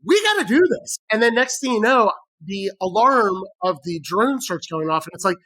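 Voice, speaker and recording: A woman's voice: medium pitch, moderate pace. A woman tells a story on a casual podcast, voicing each quote with gusto and plenty of swearing. Her voice sits in a middle register. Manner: animated, acts out quotes, swears freely. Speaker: podcast co-host.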